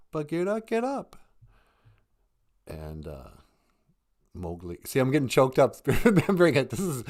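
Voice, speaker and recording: A man in his fifties, co-hosting a live stream, telling a story in a rambling, animated way and laughing often. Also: on the low side. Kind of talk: casual chat, storytelling.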